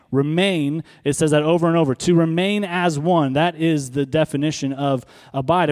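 In a church sanctuary with long hall reverb, a pastor preaches a sermon in a fairly high, slightly mellow voice. He stresses and repeats key words, slowing down for emphasis.

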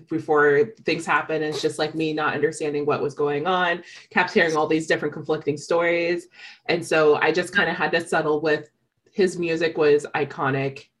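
Low-voiced woman podcast co-host. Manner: thoughtful, hesitant, with fillers. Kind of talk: casual podcast chat.

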